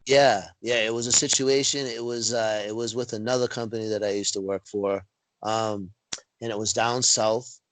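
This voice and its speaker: Animated storytelling man on a video call. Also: moderate pace, a little hiss or hum, rough recording. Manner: animated storyteller, acts out quotes with big pitch jumps. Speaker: wrestling referee guest. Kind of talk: casual storytelling interview.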